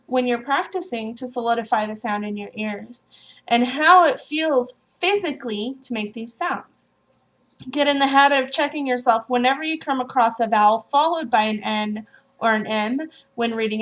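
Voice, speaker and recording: A woman's voice: high voice, a bit bright. A woman teaching French pronunciation, modeling nasal vowels and having learners repeat drill words after her. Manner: slow, demonstrates sounds and repeats drills. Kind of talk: language lesson.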